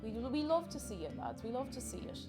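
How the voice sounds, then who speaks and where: A woman's voice: a little high, big pitch swings, fairly quick, music in the background. A woman with an Irish accent chatting casually with viewers while she cooks on a live stream. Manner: chatty, reads chat aloud and answers viewers.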